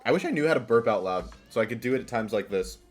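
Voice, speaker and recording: Expressive and quick, with a medium pitch, this man streams himself playing a party game. Against faint background music, he chats in a loose, self-deprecating ramble, often backing up to restart what he's saying.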